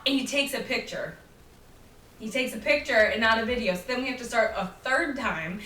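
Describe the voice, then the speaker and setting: A young adult woman hosting a solo podcast, telling a story in an animated, chatty way and acting out what people said. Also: on the high side. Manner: animated, chatty, acts out quotes. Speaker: podcast host. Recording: roomy, slightly distant mic with faint noise.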